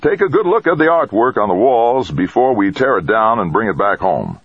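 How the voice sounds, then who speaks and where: A man voicing a domineering middle-aged male tycoon who barks orders in a raised, shouting voice. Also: on the low side, big pitch swings, a little fast, breathy edge, dry recording, highs cut off, voice pushed up, exaggerated voice. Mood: barking orders. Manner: shouting, bossy.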